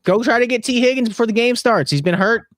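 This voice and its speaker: A man's voice: extremely high pitch, no echo, clean studio sound. A young man co-hosting a fantasy football livestream, joking and teasing while rattling off start and sit picks. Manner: joking, mocking, rapid-fire picks. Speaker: fantasy football stream co-host. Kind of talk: casual livestream banter.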